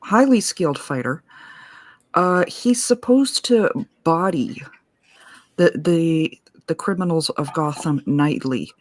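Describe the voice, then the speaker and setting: A woman's voice: deep voice, lively intonation, slow pace, a little mellow, no room sound. A woman in a casual live stream chat, blunt and swearing, stumbling over her sentence starts.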